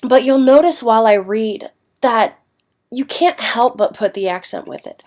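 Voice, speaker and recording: Woman, teacher, recorded lecture, congested and sniffly, chatty, self-correcting, slightly high voice. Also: animated, normal speed, darkish tone. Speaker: English teacher.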